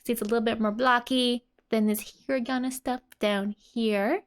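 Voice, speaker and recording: A woman's voice: a little high, steady tone, moderate pace. A young adult woman teaching a language lesson in a casual, explanatory way, giggling often between her explanations.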